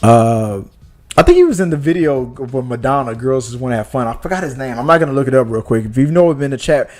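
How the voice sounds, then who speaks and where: A man's voice: medium pitch, animated, quick pace, darkish tone. Emphatic man hosting a movie livestream. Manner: emphatic, asks rhetorical questions. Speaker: podcast co-host. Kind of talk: casual live-stream movie talk.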